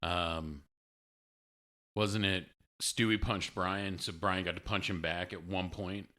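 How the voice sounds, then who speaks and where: A man's voice: deep voice, steady tone, takes it slowly, bright, forceful tone. A man co-hosting a podcast in an office, chatting casually in an easygoing, joking way and laughing often. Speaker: podcast co-host. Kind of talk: casual chat.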